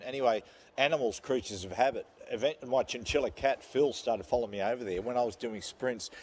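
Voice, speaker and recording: An Australian man co-hosts in loose, jokey banter and drifts from story to story. He laughs at his own tales. Faint noise sits behind him. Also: mid-range voice. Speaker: radio show co-host. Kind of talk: casual banter.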